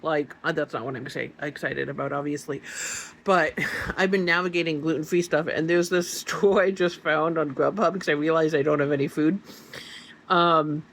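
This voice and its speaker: Chatty excitable home vlogger. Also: medium pitch, moderate pace, a little hiss or hum. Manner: chatty and excitable, with many fillers like "like" and "um". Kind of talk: casual chat and on-camera food tasting. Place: home kitchen, indoors.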